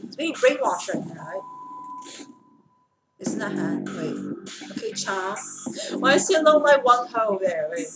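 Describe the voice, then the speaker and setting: A woman hosting a reaction video in casual commentary, excitable and gushing, shrieking over her favorite. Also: fairly low pitch, unhurried, pauses often, low-quality recording. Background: loud trailer music.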